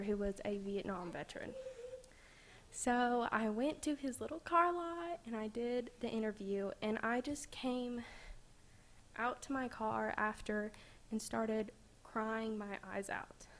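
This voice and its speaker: A sixteen-year-old girl giving an emotional speech at a school board meeting, fighting back tears. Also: fairly high pitch. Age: teens. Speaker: student speaker.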